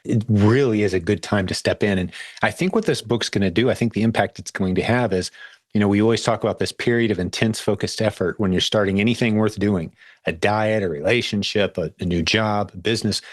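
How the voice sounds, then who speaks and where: Man, podcast host, deep-ish voice, dry sound, upbeat casual chat. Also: fairly quick, dry recording. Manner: upbeat, restarts phrases often.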